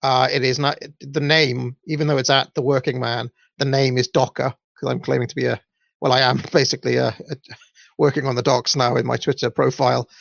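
Fairly quick and flat in delivery, this young Welsh podcast host has vocal fry and a slightly bright tone as he casually rambles through listener comments, peppered with ums and uhs. The audio is dull, low-fidelity and dry, with no echo.

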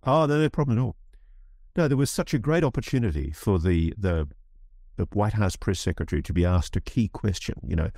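A man with a deep, gravelly voice argues his case in an interview, his pitch leaping up as he presses each point and restarts phrases. His tone is dark and mellow, and the recording is close and dry. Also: lively intonation, brisk, no echo. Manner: impassioned, restarts phrases, rising emphasis. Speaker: guest commentator. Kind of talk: animated interview talk.

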